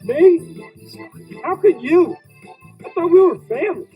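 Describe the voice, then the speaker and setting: A woman's voice: extremely high pitch, lively intonation, measured pace, dull audio, faint music behind. An actress playing an indignant woman defending herself in a family quarrel in a TV drama scene. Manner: incredulous, defensive. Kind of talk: TV drama dialogue.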